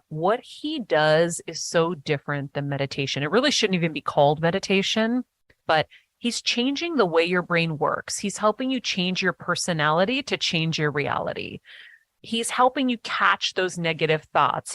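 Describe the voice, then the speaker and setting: Woman guest chatting eagerly in an interview, lowish voice, dry and close. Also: dry recording. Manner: eager, animated storytelling with quick restarts. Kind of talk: casual interview chat.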